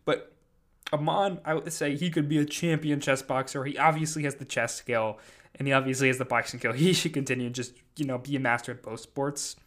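Recapping a live event for his podcast, this man talks in a loose, meandering way, full of fillers and "like." He speaks briskly at medium pitch, with a slightly bright tone and fairly even intonation.

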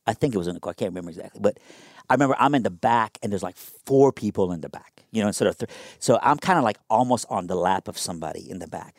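A young man telling a personal story in a casual interview, animated and conversational with lots of fillers. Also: on the low side, fast, no room sound, studio quality.

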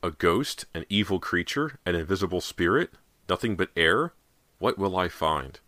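A man voicing a stubborn, anxious teenage girl in an audiobook, tense and shrill when upset. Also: lively intonation, moderate pace, fairly bright tone, no echo. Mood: nervous resolve.

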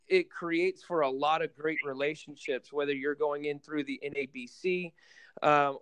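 A man's voice: fairly high pitch, smooth, dry recording. A man, a basketball coach, telling stories in a casual podcast interview, rambling with many fillers and restarts.

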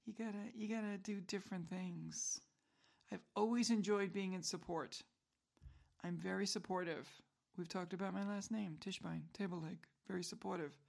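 A woman's voice: mid-range voice, steady tone, normal speed, gravelly, darkish tone. Rambling, self-mocking middle-aged woman. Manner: rambling, self-mocking humor, chuckles often. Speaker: podcast host. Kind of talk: casual solo monologue.

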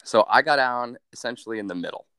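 A young man telling a story in a casual, animated, profane way, with deadpan asides. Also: medium pitch, fast talker, smooth, dry recording, clean studio sound. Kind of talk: casual story told to a friend.

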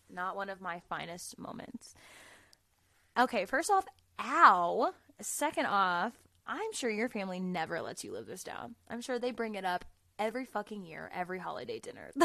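A woman's voice: mid-range voice, a bit bright, no echo. A woman hosting a casual podcast, reading listener stories aloud, laughing often and swearing freely.

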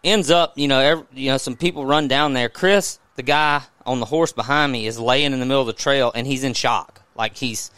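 A man with a Southern US accent, a podcast host telling a story in a casual, animated way, often restarting his sentences. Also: mid-range voice, normal speed, few pauses, clear, resonant tone, no echo.

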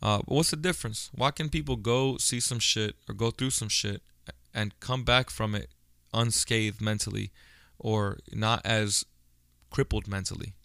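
A man's voice: on the low side, unhurried, gravelly, fairly bright tone, dry recording, clean studio sound. A young adult man hosting a podcast, talking in a blunt, profane, rambling monologue full of restarts. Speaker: podcast host. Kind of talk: casual monologue.

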